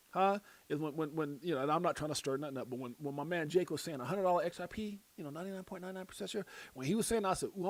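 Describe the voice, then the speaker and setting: A man with a Brooklyn accent hosting a casual crypto livestream, reading out motivational quotes and breaking into loud shouts and laughter. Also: a little high. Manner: reads out quotes and preaches motivational sayings.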